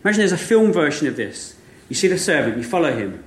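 Male preacher, slightly high voice, lively storyteller full of rhetorical questions; echoey room. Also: quick pace. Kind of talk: sermon.

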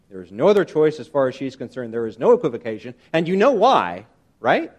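A man preaching a sermon, emphatic and animated, often asking his listeners rhetorical questions. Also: medium pitch, brisk. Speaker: pastor.

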